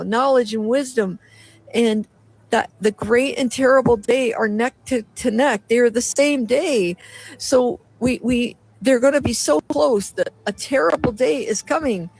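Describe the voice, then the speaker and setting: A woman's voice: a little high, poor audio. A woman delivering an urgent prophetic message, preaching with repetitive, pleading exhortation. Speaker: guest speaker.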